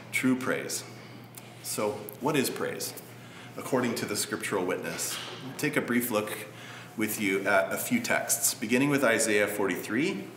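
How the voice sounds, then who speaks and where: A man preaching a sermon in a relaxed, conversational way with light humor. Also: fairly low pitch, echoey room, a little hiss or hum. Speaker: pastor.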